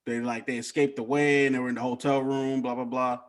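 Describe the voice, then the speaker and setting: A laid-back man co-hosting a casual podcast, with a voice of ordinary male pitch. He talks loosely, trails off and hunts for his words as he goes. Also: fairly quick. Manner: relaxed, loses his train of thought, trails off softly. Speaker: podcast co-host. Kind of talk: casual chat.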